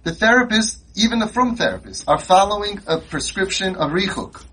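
In a conference hall, a male conference speaker delivers an impassioned, rhetorical speech, repeating his lines for emphasis. His high voice is sing-song, brisk, sharp and husky. The audio is poor.

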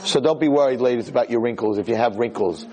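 A man telling a story to an audience as a religious lecturer, animated and emotional, often rambling. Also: medium pitch, fast, a crowd in the background. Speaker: Torah lecturer.

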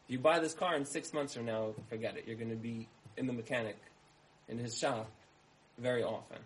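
A man speaking at a middle pitch, telling parables to his listeners. He keeps the delivery conversational and returns to phrases again and again. He often pauses to ask the audience what they think. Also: fairly even intonation, slight background noise, rough recording. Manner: conversational, uses repetition and asks listeners questions. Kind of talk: storytelling talk with parables.

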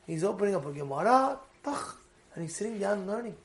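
A man teaching a Torah class, telling stories in an animated way and acting out the people in them. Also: sits high, quick pace. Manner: animated storytelling, acts out quoted voices.

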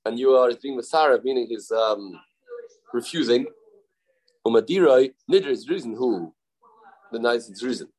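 A man's voice: medium pitch, low-quality recording. A man teaching a Talmud study class, explaining in English with Hebrew and Aramaic terms and acting out the speakers he quotes. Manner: halting, self-correcting delivery.

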